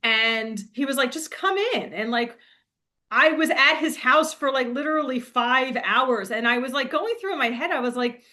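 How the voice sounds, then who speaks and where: A woman's voice: high-pitched, normal speed, sharp tone. A young woman telling a rambling, laughing story in a casual monologue, full of fillers. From New Jersey. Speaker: spiritual coach.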